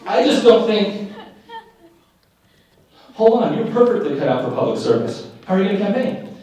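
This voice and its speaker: A stand-up comedian from Utah performs live, telling wry, self-deprecating stories to an audience. His voice is high and sing-song, warm, at a moderate pace, and the mic catches him from a distance in an echoey room.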